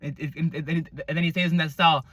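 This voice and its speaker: A man giving a casual album review, rambling and excitable, with lots of fillers and the odd swear. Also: a little high, fast, husky, dry recording. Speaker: music reviewer.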